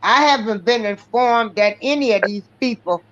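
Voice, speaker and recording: A woman on a live stream panel, giving an unhurried, drawn-out recap with fillers in casual talk. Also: a little high. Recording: dull, muffled stream audio.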